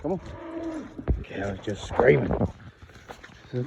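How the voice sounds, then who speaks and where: This farm vlogger narrates his chores outside in a relaxed way, addressing and calling his animals as he films with a handheld phone. His medium-pitched voice is warm, sing-song and creaky, a little slow with long pauses, and the noisy outdoor audio sounds muffled.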